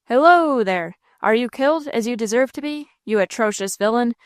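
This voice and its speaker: A woman's voice: mid-range voice, normal speed, smooth, no echo, studio quality, natural voice. A woman voicing a hot-tempered old man in an audiobook, scolding and blustering. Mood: scornful.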